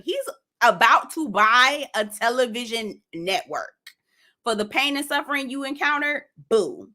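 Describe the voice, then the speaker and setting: A bright, forceful woman's voice, hosting a casual live stream. She is animated and sassy and talks straight to her viewers. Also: on the high side. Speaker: host of a live gossip show.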